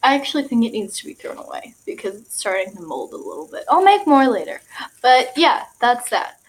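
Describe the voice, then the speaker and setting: Young woman vlogger, rambly and excitable, filler-heavy, slightly high voice. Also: fairly quick, rough recording. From Michigan. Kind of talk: casual vlog monologue.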